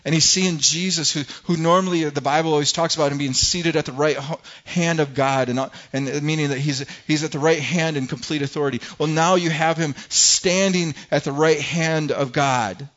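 A man's voice: fairly high pitch, normal speed, few pauses, lo-fi sound. A man preaching a sermon to a congregation, retelling a scripture story with dramatic quotes that rise in force, often repeating words as he goes. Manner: animated preaching, rising loud when quoting scripture, stumbling repeats. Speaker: pastor.

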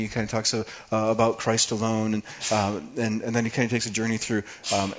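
A man preaching a sermon, moving from quiet talk to fiery, emphatic declarations. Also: fairly low pitch, lo-fi sound, slight background noise. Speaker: pastor.

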